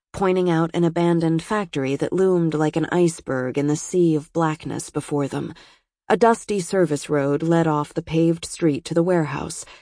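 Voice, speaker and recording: A woman reading an audiobook as narrator, in an even, steady manner. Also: low voice, no room sound, studio quality. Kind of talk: scripted narration.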